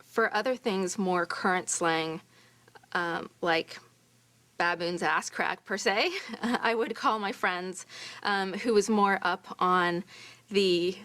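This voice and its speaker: A woman's voice: mid-range voice, slow, a bit bright, no room sound. A woman in a documentary interview, explaining her work in a matter-of-fact way.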